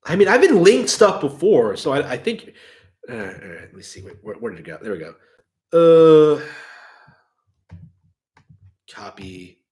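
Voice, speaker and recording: A man's voice: a little high, sing-song, moderate pace, darkish tone. Rambling man in an echoey room. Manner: rambling, hedging with fillers and frequent swearing. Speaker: gaming commentary host. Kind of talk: casual commentary stream.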